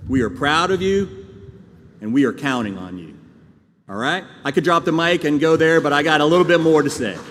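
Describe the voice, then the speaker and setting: Male commencement speaker, earnest and folksy, mid-range voice, reverberant hall with faint noise. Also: mid-range voice. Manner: earnest and folksy, with audience asides and jokes. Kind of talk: commencement speech. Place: large ceremony hall.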